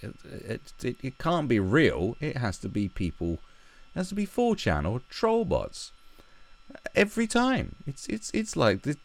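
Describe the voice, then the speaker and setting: Sarcastic guy ranting on his vlog, swears a lot, lowish voice that jumps all over. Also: gravelly, no echo. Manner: sarcastic, profane, mocking. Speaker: channel host.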